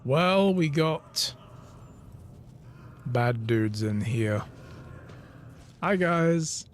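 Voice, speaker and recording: A man streaming a video game, reacting excitedly and reading in-game text aloud. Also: on the high side, drawn-out words, long pauses, slight background noise. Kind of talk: let's play commentary.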